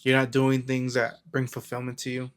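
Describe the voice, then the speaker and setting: A man's voice: mid-range voice, monotone, normal speed, clear, resonant tone. A man talking casually to camera about mindset, rambling and storytelling with lots of fillers and acted-out quotes. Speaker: self-help vlogger. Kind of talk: casual motivational talk to camera.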